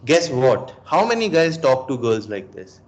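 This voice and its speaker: A man's voice: medium pitch, very animated, unhurried, dull audio. A young man giving a coaching session, emphatic, asking the listener rhetorical questions and mixing in Hindi phrases. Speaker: dating coach.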